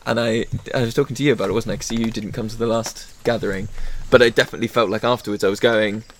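A man's voice: on the low side, fairly even intonation, fast, slight background noise. A man, a forest school leader and former teacher, chatting casually in a rambling way and acting out quotes. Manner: rambling, self-interrupting, acts out quotes. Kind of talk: casual chat.

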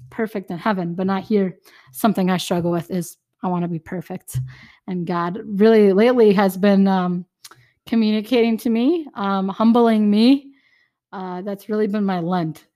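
Young woman, faith podcast co-host, chatty, animated, acts out dialogue. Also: medium pitch. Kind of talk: casual faith chat.

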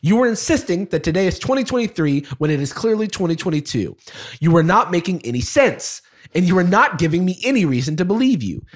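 Man voicing a stubborn chatbot, husky, very lively pitch, politely insistent. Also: fast. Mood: assertive. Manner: polite phrasing with mounting insistence, read aloud. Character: stubborn, passive-aggressive male chatbot. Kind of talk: dramatic reading of a chat log.

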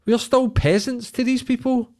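A man's voice: extremely high pitch, fairly even intonation, moderate pace, a little mellow. A man with a Scottish accent on a casual podcast, ranting and swearing heavily.

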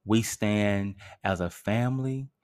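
A man's voice: fairly low pitch, slow pace, darkish tone, clear, resonant tone. A man hosting a podcast, ranting theatrically with sarcastic asides. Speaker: podcast host. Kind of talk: solo podcast rant.

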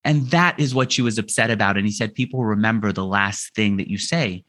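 A man's voice: fairly low pitch, a little fast. A man who is a podcast guest, telling stories in a conversational way and acting out the dialogue he quotes. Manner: animated, acts out quoted dialogue. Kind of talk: conversational storytelling.

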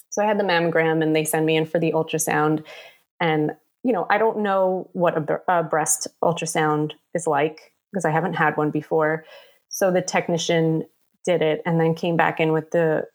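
A chatty woman in her thirties from the New York area, with a lowish voice, is a guest telling her own story. She talks casually with lots of fillers and acts out the voices of people she quotes.

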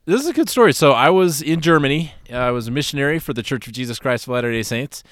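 Smooth-voiced man telling a story. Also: medium pitch, fast talker, no echo, studio quality. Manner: relaxed, rambling anecdotes with fillers. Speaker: podcast co-host. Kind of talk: casual storytelling chat.

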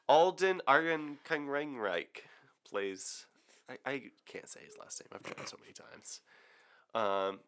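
A man's voice: deep voice, a little slow, creaky, fairly bright tone, whispered. A man co-hosting a casual movie podcast, enthusiastic and teasing, laughing often. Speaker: podcast co-host. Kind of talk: casual chat.

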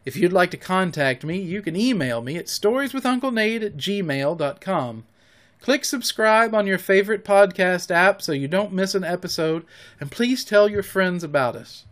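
A man hosting a podcast, reading a children's story aloud with expressive narration. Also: sits high, normal speed.

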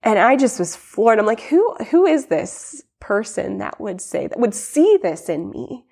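Woman with a gravelly, rambling storytelling voice. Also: mid-range voice, unhurried. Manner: rambling, many fillers and restarts, animated quoting. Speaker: guest sharing her testimony. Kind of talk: personal story in a podcast interview.

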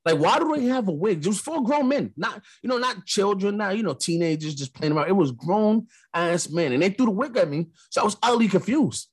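A young man from New York with a New York accent, hosting a podcast and telling a story in a casual monologue, animated, acting out the lines of the people in it. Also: high-pitched, a little fast, hardly any pauses, husky. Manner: animated storyteller, acts out quotes. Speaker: podcast host.

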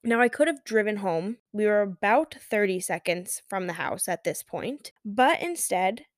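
A woman in her thirties hosting a solo podcast, who tells a parenting story in a calm, measured way with audible sighs. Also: medium pitch, no room sound, studio quality. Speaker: podcast host and mother.

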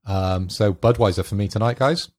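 A man's voice: lowish voice, moderate pace, a little mellow. A man co-hosting a casual podcast, dry and teasing. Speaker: podcast co-host. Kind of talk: casual chat.

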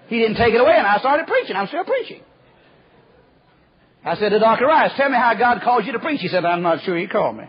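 A man preaching a folksy storytelling sermon, acting out the quoted voices and dropping to a hush at times. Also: very high-pitched, sing-song, a little fast, pauses often, husky. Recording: muffled lo-fi recording.

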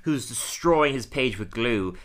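A man casually recapping a cartoon episode, telling it with energy and laughing often as he slips into quick silly voices. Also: medium pitch, lively intonation, fairly bright tone. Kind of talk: casual chat.

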